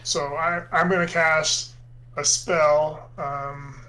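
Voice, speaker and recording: Slow, hesitant male player. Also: fairly high pitch, fairly even intonation, bright, forceful tone, low-quality recording. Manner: hesitant, many ums. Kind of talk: tabletop game play.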